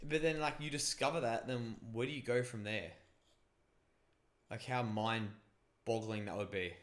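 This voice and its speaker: A man's voice: mid-range voice, a little slow. A man in casual chat, animatedly telling a story and musing about whether reality is fake. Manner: animated storyteller, acts out voices.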